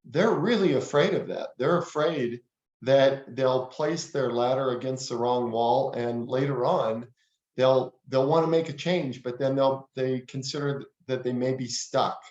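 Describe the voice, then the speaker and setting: A man's voice: medium pitch, unhurried, a little mellow. A man interviewing a guest, asking questions hesitantly and repeating words as he starts. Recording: roomy, dull lo-fi sound.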